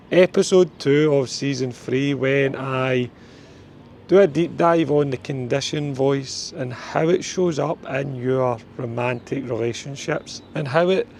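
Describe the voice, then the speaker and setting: Coach guy on a walk, gravelly voice, bit high, chatty, little street hum behind. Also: darkish tone. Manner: chatty, mild swearing, talks to his dog. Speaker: life coach. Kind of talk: casual walk-and-talk coaching. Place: outdoors on a walk near a street.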